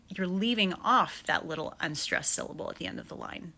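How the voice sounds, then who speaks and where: Bright, lively woman teaching verse. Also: lowish voice, fairly quick. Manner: lively and playful, chanting verse rhythms. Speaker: acting coach. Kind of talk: explanatory video lesson.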